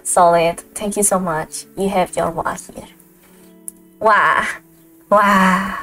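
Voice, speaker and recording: A woman hosting a casual livestream, gushing with thanks and laughing easily. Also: medium pitch. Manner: gushing, excitable, quick to laugh. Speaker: streamer host. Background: faint lo-fi background music.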